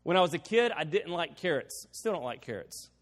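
A man delivers a sermon with a notably high-pitched voice, speaking conversationally and leaning on personal stories. He repeats key lines for emphasis. His voice rings with the long reverb of a large hall. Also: sing-song, a little fast. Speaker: pastor.

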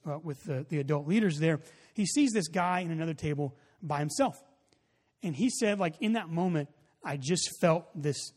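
A man preaching a sermon, telling a story in a loose, casual way with many fillers, then building to loud emphasis. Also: a little high. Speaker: pastor. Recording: long hall reverb.

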